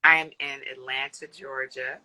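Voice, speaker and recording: A cheerful woman guest with a very bright, sharp tone, giggling between her ums. She talks easily about her work. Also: rumbling low, little pitch movement, moderate pace, rough recording. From United States. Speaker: guest actress and director. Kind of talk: live online interview.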